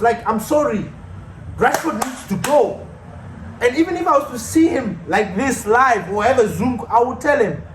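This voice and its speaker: A man with a high voice delivers a heated fan rant, full of swearing and repeated outbursts. The room around him is echoey, with a faint hiss of noise underneath. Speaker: fan channel host. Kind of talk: ranting fan commentary.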